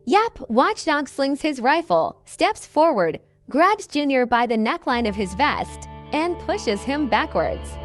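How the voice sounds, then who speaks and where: Slow, lively-voiced woman narrating horror. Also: high voice, faint music behind. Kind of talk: scripted horror story narration.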